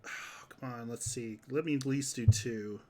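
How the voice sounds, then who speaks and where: A man's voice: medium pitch, moderate pace, darkish tone, a little hiss or hum. A man streaming a mobile game live, chatting casually and reacting to his chat, saying "dude" a lot. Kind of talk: casual livestream commentary.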